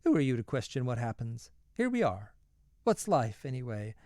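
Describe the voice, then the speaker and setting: A man's voice: medium pitch, very animated, moderate pace, a little mellow, no echo, studio quality, natural voice. A man reading aloud, voicing a tart, spry old grandmother who brushes off questions. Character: tart old grandmother come back to life.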